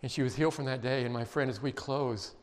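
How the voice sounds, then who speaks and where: A man preaching a sermon, emphatic and emotional, dropping to quiet intense passages. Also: medium pitch, fast. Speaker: pastor. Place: church sanctuary. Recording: long reverb of a large hall.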